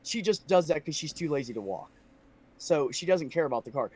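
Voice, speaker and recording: A man's voice: a little high, fairly quick, slightly rough. A frustrated man in casual podcast chat, telling a story with lots of swearing and mimicking the voices of the people in it. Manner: venting, profane, animated storytelling.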